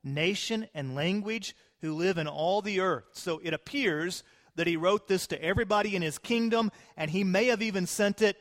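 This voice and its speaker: A man, a pastor, telling a scripture story in a sermon, dramatic and swinging between loud and hushed. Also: sits high, moderate pace. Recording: long hall reverb.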